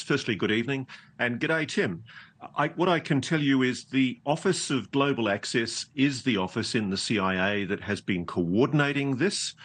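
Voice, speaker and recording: A man with an Australian accent speaks as a journalist on a TV news interview. His voice is fairly low, and his delivery is confident and measured. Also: a bit bright. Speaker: journalist guest.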